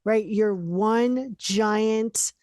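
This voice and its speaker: Woman guest, blunt and frank, says right a lot, mid pitch, dry mic. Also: extremely slow, a little mellow, dry recording. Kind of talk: casual interview chat.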